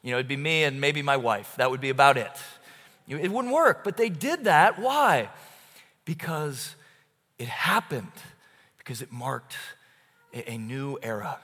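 A man preaching a sermon as a pastor, conversational and emphatic, swinging from loud declarations to hushed words. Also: mid-range voice, unhurried, pauses often, in a large hall.

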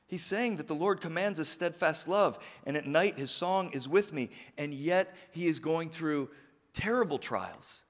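A middle-aged male pastor delivers a sermon to his congregation, his voice sitting a little high for a man. He shifts between soft, earnest reflection and rousing calls to the room, and a long church reverb trails each phrase. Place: church sanctuary.

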